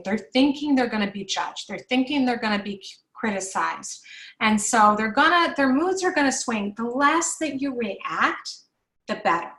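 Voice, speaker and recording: A woman in her forties hosts a live parenting workshop in an echoey room, chatting warmly and reassuring viewers as she answers their questions, using plenty of fillers. Her medium-pitched voice sounds pushed and bright.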